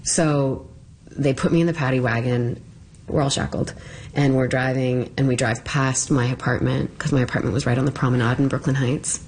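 A middle-aged woman telling a personal story in a casual, halting way with many fillers. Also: very deep voice, steady tone, a little mellow, a little hiss or hum. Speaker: interviewee.

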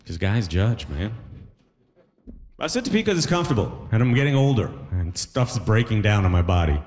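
A middle-aged man working a stand-up crowd, his pitch swinging up and down as he riffs. He mocks himself and chuckles at his own punchlines. His voice carries a long, lingering echo from a big concert hall stage. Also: very animated, moderate pace, a little mellow. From Toronto area, Canada. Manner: conversational, self-mocking, laughs at his own jokes. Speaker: stand-up comedian. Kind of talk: stand-up comedy set.

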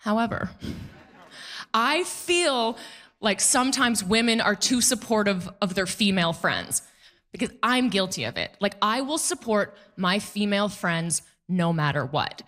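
A young woman doing stand-up comedy, telling stories in an animated, sarcastic way. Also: medium pitch, unhurried.

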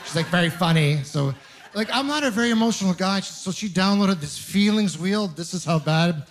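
A man's voice: high-pitched, expressive, brisk. A man doing a stand-up comedy set, telling stories in a wry, self-mocking way and firing off rhetorical questions.

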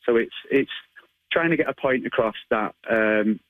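A man's voice: medium pitch, moderate pace, dry recording, narrow, tinny audio. A man, a martial arts instructor chatting in an interview, friendly and rambling with many fillers. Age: 30s. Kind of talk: casual phone interview.

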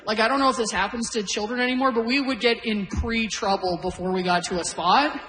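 A woman's voice: on the high side, fairly even intonation, brisk, fairly bright tone, poor audio. A woman in her forties from Canada performing a stand-up comedy set, telling brash, self-deprecating stories. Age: 40s. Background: audience laughter.

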